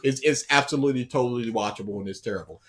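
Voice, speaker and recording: A man co-hosting a casual anime podcast, rambling with restarts and growing loud and laughing when he retells scenes. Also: mid-range voice, very fast. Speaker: podcast co-host. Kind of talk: casual chat.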